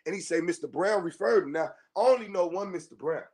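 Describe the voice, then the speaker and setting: A podcast host with a high-sitting, darkish voice talks fast through a heated, profane monologue aimed straight at his listeners. He is confrontational and repeats himself a lot.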